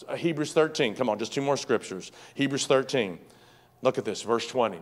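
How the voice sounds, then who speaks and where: A man's voice: medium pitch, fairly quick. A man preaching a sermon as pastor, repeating words and urging the congregation to say lines back to him. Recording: faint music behind.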